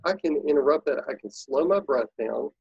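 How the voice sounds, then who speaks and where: A man talks in a husky, slightly breathy voice, pressing his points home with an emphatic coaching manner. The audio is dry and muffled, with a lo-fi dullness. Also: a little high, animated, moderate pace, a little mellow, dry recording. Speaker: guest, productivity speaker and consultant. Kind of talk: casual interview talk.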